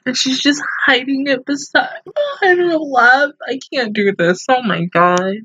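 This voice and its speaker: Bright, emotional young woman reacting. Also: high voice, expressive, moderate pace, husky, no room sound, poor audio. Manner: emotional, exclaiming, talking to the screen. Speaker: anime reaction host. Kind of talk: casual reaction commentary.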